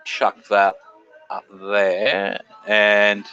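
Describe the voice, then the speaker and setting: A middle-aged Australian man chatting casually as host of a live stream, laid-back and quick to greet viewers. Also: fairly low pitch, completely flat delivery, sharp tone, clean tone, dull audio, faint music behind.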